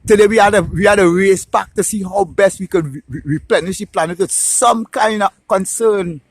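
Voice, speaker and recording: A man's voice: high voice, normal speed, breathy edge, no room sound. A man with a Trinidadian accent in a casual, opinionated monologue, ranting with swearing and often tagging his points with "right?". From Trinidad and Tobago. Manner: animated, ranting, swears, tags lines with "right?".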